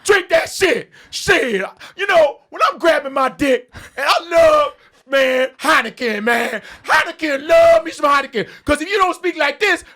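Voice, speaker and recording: A brash, crude beer-commercial pitchman who shouts every line. The voice sits far above his usual register and leaps wildly around. It sounds bright and harsh. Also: heavily acted. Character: loud hyped-up male beer-ad pitchman.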